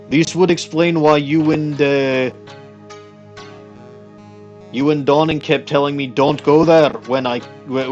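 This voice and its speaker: A man's voice: medium pitch, lo-fi sound. A man playing through a game, reading the dialogue aloud in a goofy put-on Scottish accent and commenting on the story. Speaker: let's play streamer.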